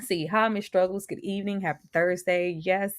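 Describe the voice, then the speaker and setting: A woman's voice: fairly low pitch, fairly even intonation, moderate pace. A young woman hosting a casual TV review livestream, laughing often and greeting viewers by name.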